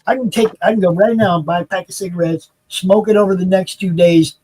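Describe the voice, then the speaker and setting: Husky high-voiced middle-aged man. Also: fairly even intonation, a little fast, a little mellow. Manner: rambling, profane anecdotes. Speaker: panelist on a livestream. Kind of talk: casual chat.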